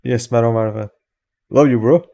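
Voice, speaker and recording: A man's voice: medium pitch, steady tone, brisk, creaky, warm tone. A man with a Persian accent, a native Farsi speaker, streaming live and casually greeting viewers by name, loose and joking with some swearing.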